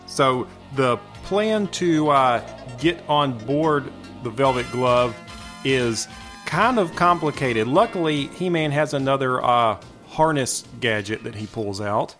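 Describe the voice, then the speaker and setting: Man, mid-pitched voice, easygoing, joking recap, casual chat. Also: expressive, slow, fairly bright tone, soft background music. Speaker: podcast co-host.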